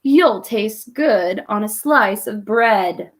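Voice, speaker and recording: Brief: large gullible storybook monster, gloating and slow-spoken, as a woman voices him. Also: mid-range voice, lively intonation. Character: huge hungry male monster, gullible.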